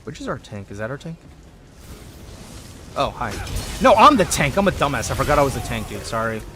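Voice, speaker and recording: Animated male game streamer over music. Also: medium pitch, brisk. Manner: animated, joking, talks to his game and chat. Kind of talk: casual gameplay chat.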